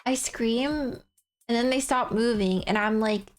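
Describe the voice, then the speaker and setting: A young woman livestreamer chatting casually, rambling and giggling as she tells animated stories. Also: on the high side, unhurried. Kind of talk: casual stream chat.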